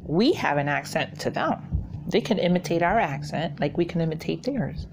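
A woman's voice: fairly low pitch, lively intonation, moderate pace, vocal fry, background noise. Chatty New woman, rambling. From New York. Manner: rambling storyteller, laughs often. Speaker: craft channel host. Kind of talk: casual chat while crafting.

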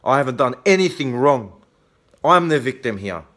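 A man's voice: medium pitch, expressive, normal speed, fairly bright tone. A man with an Australian accent ranting angrily to camera in a video blog, swearing heavily and ending points with a challenging "okay?". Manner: heavy swearing, repeated "okay?" tags. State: angry. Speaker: vlogger. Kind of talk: angry confrontational rant to camera.

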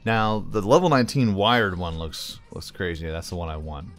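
A man's voice: sits low, animated, normal speed, a bit bright, soft background music. A man casually commentating his own cooking game as he plays, chatty and thinking aloud, calling the viewer "bro". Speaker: gaming channel host. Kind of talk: casual let's-play commentary.

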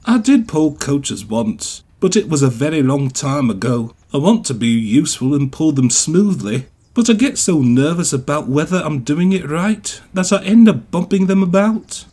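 A man's voice: fairly high pitch, expressive, moderate pace, few pauses, warm tone, voice pushed up. A man voicing a big, nervous male goods engine who talks in a mournful, anxious way. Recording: music playing behind.

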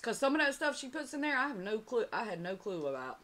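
A woman's voice: fairly high pitch, very animated, fast, fairly bright tone. A woman hosting an eating show, chatting casually and talking straight to her viewers. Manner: chatty, addresses viewers as y'all. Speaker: mukbang channel host.

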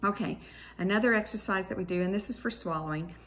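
A woman's voice: medium pitch, fast talker, a bit bright, a little hiss or hum. A woman speech-language pathologist leading an online exercise class, explaining each step patiently in clinical terms, with small restarts.

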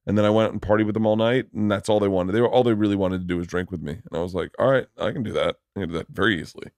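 A man hosting a podcast, telling stories in a loud, rowdy way and jumping into acted-out quotes. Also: lowish voice, fairly even intonation, very fast, dry recording. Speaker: podcast host. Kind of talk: casual chat.

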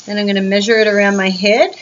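A woman calmly explaining a craft to young children, step by step. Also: mid-range voice, fast. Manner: calm step-by-step instructions. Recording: muffled video with background noise.

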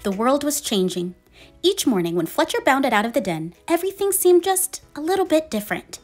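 A woman reading a children's picture book aloud in a gentle, expressive storytelling manner. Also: high-pitched, fairly quick, faint music behind. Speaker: storybook reader.

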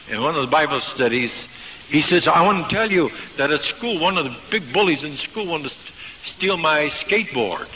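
A man preaching to a congregation, his fairly high voice bright and forceful as he tells stories with dramatic pauses. The recording is dull and lo-fi, with a long reverb trailing from a large hall and a faint hiss underneath. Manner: emphatic storytelling with dramatic pauses. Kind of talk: sermon.

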